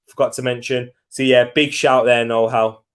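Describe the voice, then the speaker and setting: A man's voice: mid-range voice, flat delivery, normal speed, clear, resonant tone. A young man hosting a live football watch-along, chatting casually, reacting to the match and answering viewer comments.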